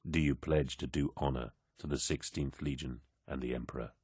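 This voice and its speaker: A male audiobook narrator voices a towering, commanding warlord who has a calm, paternal touch, speaking each word softly, slowly and low in a probing mood. The extremely deep voice is miked close, with a dry, dead sound and a slightly rough, dry recording quality.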